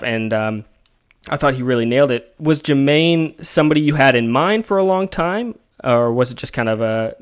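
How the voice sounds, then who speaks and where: Man interviewing, mid-pitched and eager. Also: smooth. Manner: enthusiastic, halting with fillers. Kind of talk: conversational interview.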